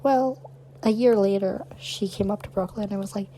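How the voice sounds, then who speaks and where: A woman's voice: mid-range voice, moderate pace, a little hiss or hum, rough recording. Blunt young woman podcast co-host. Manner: animated, blunt storyteller. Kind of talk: casual storytelling chat.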